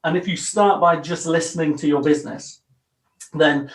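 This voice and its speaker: A man's voice: a little high, normal speed. A man, a business coach on a podcast, explaining his method in an earnest, down-to-earth way over a video call. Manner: earnest, explanatory, self-deprecating. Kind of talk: interview answers. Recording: roomy, distant from the mic.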